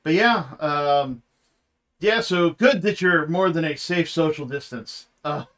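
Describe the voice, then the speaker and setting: A man's voice: fairly high pitch, takes it slowly, fairly bright tone. A man hosting a talk show from his home studio, opening with mock-grand flourish, then chatting loosely with many fillers. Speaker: podcast host. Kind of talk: casual interview chat.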